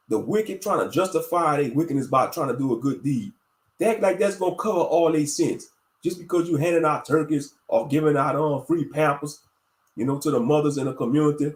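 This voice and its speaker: A man's voice: high voice, normal speed. A man in his late thirties hosting a casual commentary monologue, thinking aloud and turning preachy. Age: late 30s. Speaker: host.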